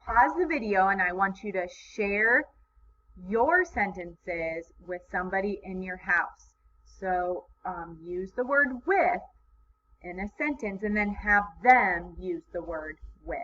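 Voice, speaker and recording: Slow, bright-voiced kindergarten teacher. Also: female voice, medium pitch, lively intonation. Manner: slow, encouraging, sing-song teacher talk. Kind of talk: recorded video lesson for young children. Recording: slightly dull lo-fi sound, faint background noise.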